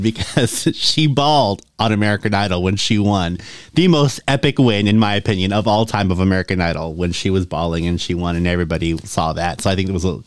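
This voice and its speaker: A man's voice: fairly low pitch, dry recording, studio quality. A man hosting a casual reaction video, chatty and opinionated, laughing often as he talks. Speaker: host.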